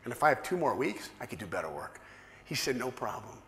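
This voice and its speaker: Male speaker, lively storytelling, roomy hall sound. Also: fast. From New York. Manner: animated, acts out dialogue with big pitch swings. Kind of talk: storytelling talk to an audience. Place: large hall.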